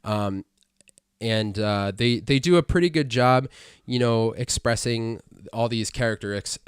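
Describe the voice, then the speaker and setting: A man's voice: medium pitch, a little slow, clean tone, no room sound, studio quality. A man co-hosting a casual podcast chat, rambling with lots of fillers and restarts. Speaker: podcast co-host.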